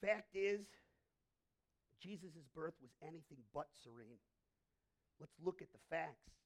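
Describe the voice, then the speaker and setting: A male pastor preaching a sermon in a church, telling stories in an animated way and often restarting his sentences. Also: on the high side, measured pace. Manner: animated storytelling, frequent restarts.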